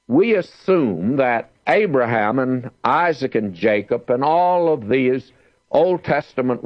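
A man's voice: mid-range voice, no room sound, lo-fi sound. A man teaching the Bible verse by verse, reading scripture aloud with emphasis.

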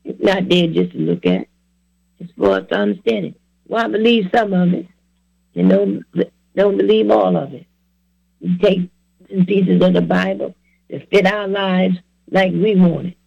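A man's voice: high-pitched, vocal fry, darkish tone, no room sound, muffled recording. A man in his seventies giving an earnest testimony sermon, exhorting his listeners in plain, repetitive words.

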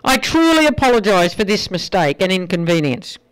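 A radio host voicing a nervous, apologetic Irish flight attendant making cabin announcements, in an Irish accent. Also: female voice, mid-range voice, big pitch swings, moderate pace, lightly acted, low-quality recording.

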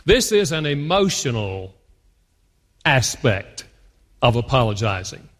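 A man's voice: medium pitch, very animated, slow pace, fairly bright tone. Man teaching in a reverberant hall. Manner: earnest, teaching. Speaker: guest speaker. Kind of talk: conference talk. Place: large conference hall. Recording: long hall reverb from a live conference.

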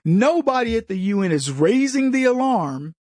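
An American man with a high, husky voice delivers a forceful opinion monologue. He trips over his words and restarts his sentences, and breaks into mocking voices. The sound is close and dry, with no room around it. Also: sing-song, moderate pace, no room sound. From United States. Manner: emphatic, stumbling restarts, mocking voices for others.

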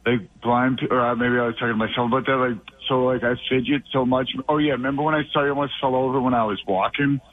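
A man from the Boston area calls in over a tinny, dry phone line. He rambles in an excitable way and flares into mock outrage, with an ordinary mid-range voice. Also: medium pitch, fast talker, hardly any pauses, no room sound. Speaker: regular radio caller.

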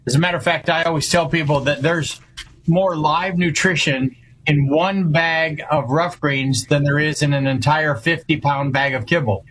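A man's voice: a little high, steady tone, normal speed, a bit bright, slight background noise, low-quality recording. A man appearing as a radio show guest who founded a company, speaking confidently in a promotional tone.

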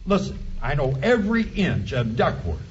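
A blustering country sheriff. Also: male voice, fairly high pitch, sing-song, moderate pace, slight background noise. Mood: exasperated. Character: gruff irritable rural male sheriff, accused of theft. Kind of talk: audio drama acting. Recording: slightly dull audio drama recording.

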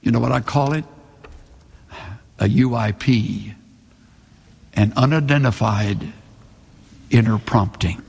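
A man preaching a sermon with a gravelly, slightly husky voice. He reads scripture in a measured, dramatic way, slowing for emphasis. His voice rings with the long reverb of a large hall. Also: medium pitch, a little mellow.

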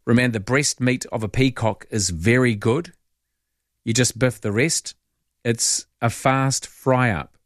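A man's voice: mid-range voice, slow pace, dry recording. Man, new zealand accent, late-night radio host, chatty storyteller, dry close studio sound. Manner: chatty, storytelling, animated in anecdotes. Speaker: overnight radio talk host. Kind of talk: late-night radio chat reading texts. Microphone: studio microphone.

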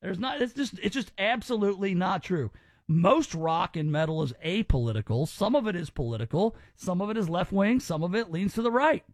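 A man's voice: high-pitched, lively intonation, a little fast, no room sound, clean studio sound. A man hosting a talk radio show, chatting casually and rambling with restarts.

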